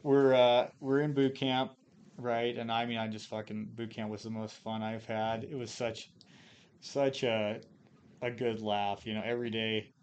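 A man's voice: mid-range voice, flat delivery, measured pace, a little mellow, slight background noise. A man from Idaho spins loose, profanity-laced stories as a podcast guest. He talks in a mid-range voice, stumbles through restarts and fillers, and keeps an easy, conversational flow. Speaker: podcast guest, former Marine scout sniper. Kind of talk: casual storytelling.

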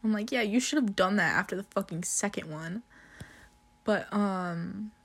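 A woman's voice: medium pitch, slightly rough. A young woman telling a casual, profanity-laced story, laughing often as she talks. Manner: slow, drawn-out delivery with frequent swearing and laughter.

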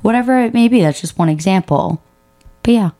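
A woman's voice: mid-range voice, lively intonation, fairly quick, dark tone. A woman in her twenties co-hosting a podcast, supportive and blunt in casual chat. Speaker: podcast co-host.

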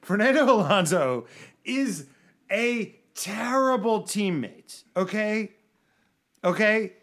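Animated, swearing podcast co-host, high voice. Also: male voice, slow. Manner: animated, swearing, mocking impressions. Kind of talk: casual chat.

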